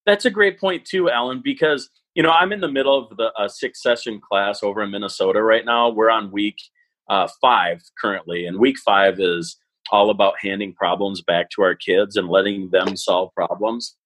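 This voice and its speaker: A man's voice: fairly low pitch, normal speed, no echo, poor audio. A man who teaches a parenting class, telling stories in a casual chat and acting out the voices he quotes. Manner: animated, acts out quoted voices.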